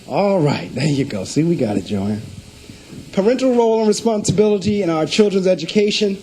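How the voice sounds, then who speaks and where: A man's voice: sits high, lively intonation, a little fast, darkish tone, slight background noise, rough recording. A middle-aged man, a school principal, giving a presentation to district staff and telling stories with emphatic, preacher-like delivery. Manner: storytelling speaker acting out phone calls.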